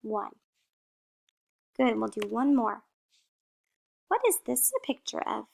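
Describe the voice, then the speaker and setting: A woman teacher walks young children through a phonics lesson at a slow, patient pace. Her voice sits a little high, with a gravelly edge. She says each practice word clearly, asks a question, then gives the answer herself. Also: a little mellow.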